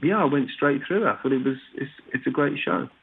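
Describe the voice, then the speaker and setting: A British actor, guesting in a casual interview chat, often restarts his sentences with "you know." His mid-range voice is fairly quick with a breathy edge, heard over a tinny, phone-like remote line.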